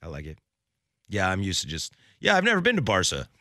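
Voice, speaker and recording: A young man hosts a sports talk show in a bright, dry studio sound. His delivery is lively and joking, his pitch swinging up and down as he riffs on the day's lineup. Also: fast talker, no echo. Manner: joking, animated, does silly voices. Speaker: radio sports show host.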